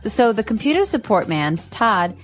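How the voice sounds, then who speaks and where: A woman's voice: mid-range voice, big pitch swings, normal speed, soft background music. Woman explaining English phrases with examples. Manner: clear explanations with example sentences. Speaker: podcast co-host and English teacher. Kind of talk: casual teaching chat.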